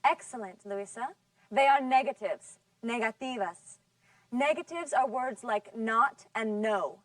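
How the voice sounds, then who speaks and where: A woman's voice: a little high, dry recording, recorded from a distance. Patient woman teacher drilling words. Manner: patient, drawn-out model words. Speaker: English teacher. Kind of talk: scripted classroom lesson.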